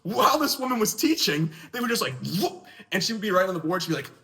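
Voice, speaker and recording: Young guy telling a wild school story, super animated, bright voice, jokey. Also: high-pitched, fast. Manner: animated, jokey, lively delivery. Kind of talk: casual storytime vlog.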